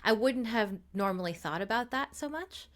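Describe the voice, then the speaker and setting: A woman hosting a podcast interview, reflecting out loud with a few fillers as she responds to her guest. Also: on the high side, animated, normal speed. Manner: reflective, thinks aloud with fillers. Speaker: podcast host. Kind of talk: conversational interview.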